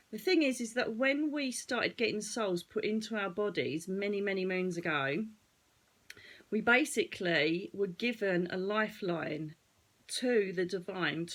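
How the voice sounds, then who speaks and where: A woman with an Essex accent, a psychic medium hosting her own channel, giving chatty spiritual advice straight to her viewers with a slightly croaky voice. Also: medium pitch. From Essex, England. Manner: chatty, digressing, addresses viewers directly. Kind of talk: casual spiritual advice talk to camera.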